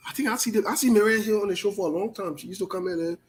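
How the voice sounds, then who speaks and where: Guy hosting a live talk show, kinda high voice, blunt and fired up. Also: rapid-fire, poor audio. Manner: passionate, forceful, blunt. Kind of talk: live online talk show, greeting viewers.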